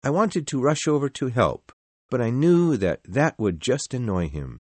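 A man narrating a story in the first person in a measured, expressive reading. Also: medium pitch, dry recording.

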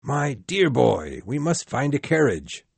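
A man's voice: mid-range voice, sing-song, slow pace, gravelly, slightly rough, no echo, voice pushed up, full character voice. A man voicing an elderly reformed miser, overjoyed and laughing as he exclaims his lines. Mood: eager.

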